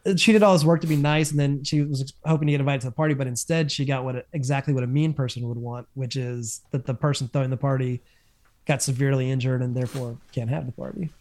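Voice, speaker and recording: A man co-hosting a casual chat, recapping TV episodes in an animated way with lots of fillers and restarts. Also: medium pitch, quick pace. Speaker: podcast co-host.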